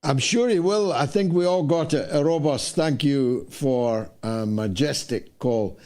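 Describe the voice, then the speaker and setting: A man's voice: medium pitch, unhurried, a little mellow. An older man from the United Kingdom hosting a talk show. He delivers an indignant monologue full of rhetorical questions. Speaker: host.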